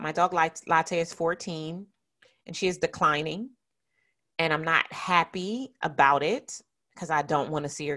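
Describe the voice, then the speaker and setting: Earnest, low-pitched woman podcasting. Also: a bit bright. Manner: earnest and emotional, with slow pauses. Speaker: podcast host for entrepreneurs. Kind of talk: reflective, heartfelt podcast monologue.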